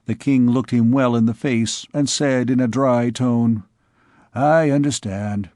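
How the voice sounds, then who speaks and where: A man narrating a classic novel as an audiobook, in a measured storytelling manner. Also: mid-range voice, flat delivery, darkish tone, dry recording, clean studio sound. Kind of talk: scripted narration.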